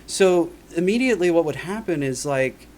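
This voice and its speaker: A man at an ordinary middle pitch speaks an earnest, rambling testimony straight to camera. His talk loops and doubles back, packed with "like" and "right?", as he works through his account. A faint noise sits under the voice. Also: animated, normal speed. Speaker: vlogger giving a personal testimony. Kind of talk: casual spoken monologue.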